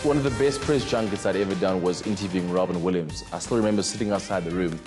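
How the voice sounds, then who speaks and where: A young South African man, a TV presenter, telling lively anecdotes about his interviews. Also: low voice, fast, over loud music. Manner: lively storyteller, animated asides.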